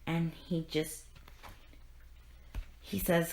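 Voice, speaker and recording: Podcast lady retelling a comic, earnest and emotional, lowish voice, lots of restarts. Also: slow. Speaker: podcast host. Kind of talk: casual comic discussion.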